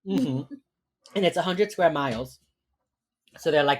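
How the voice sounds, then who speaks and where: A woman's voice: sits low, lively intonation, a little slow. A woman co-hosting a podcast, chattily retelling a TV episode with lots of fillers. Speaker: podcast co-host. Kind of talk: casual chat recapping a TV episode.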